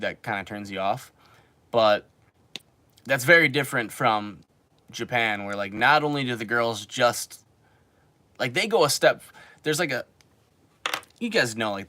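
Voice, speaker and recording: Bright-voiced man in his twenties. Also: mid-range voice, no echo. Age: 20s. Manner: rambling, filler-heavy storytelling. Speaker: streamer. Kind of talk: casual chat reading live comments. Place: home in Japan.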